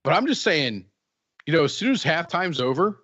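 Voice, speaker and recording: A man's voice: fairly high pitch, sing-song, normal speed, fairly bright tone. A man co-hosting a casual podcast from Central Ohio, joking and rambling with restarts. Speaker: podcast host.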